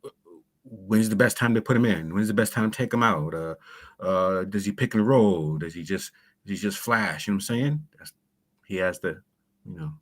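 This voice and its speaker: Laid-back low-voiced sports co-host. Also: male voice, normal speed, fairly bright tone. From Boston area. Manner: casual, laid-back, says "you know what I'm saying". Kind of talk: sports talk chat.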